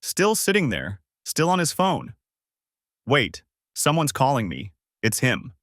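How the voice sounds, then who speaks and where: A man's voice: mid-range voice, wildly swooping pitch, takes it slowly, dry recording, clean studio sound, voice pushed up, heavily acted. A man voicing a tense young woman who urgently reports what she sees, in an audiobook. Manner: urgent, hushed play-by-play. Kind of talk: audiobook character voice.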